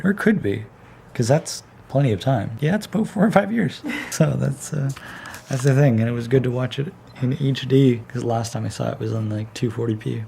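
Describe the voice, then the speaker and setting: Young man, casual vlog chat, rambling, laughs often, mid pitch, noisy camera audio. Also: creaky, warm tone. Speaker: daily vlogger. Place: outdoors on an icy winter trail, then indoors at home.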